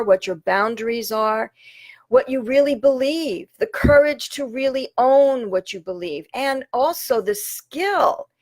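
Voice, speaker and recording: Woman spiritual coach, higher voice, earnest and measured, close dry recording. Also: dry recording. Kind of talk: talk to camera.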